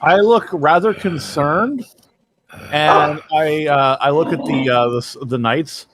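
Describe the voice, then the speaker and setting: A man playing a tabletop game, halting as he describes his character's actions. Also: on the high side, noisy background. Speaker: player. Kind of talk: tabletop role-play chat.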